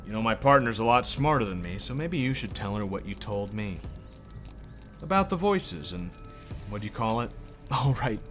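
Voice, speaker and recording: A man voicing a calm, reassuring male detective in a game, measured and low-key. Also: soft background music. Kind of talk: reading game dialogue aloud.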